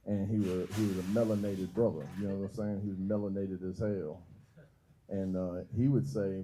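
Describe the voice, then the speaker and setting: A man's voice: deep voice, steady tone, moderate pace, warm tone, poor audio. Profane man working a comedy crowd. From Georgia, US. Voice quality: loose, profane, laughs at own jokes. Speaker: stand-up comic. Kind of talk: stand-up comedy set. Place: comedy club open mic.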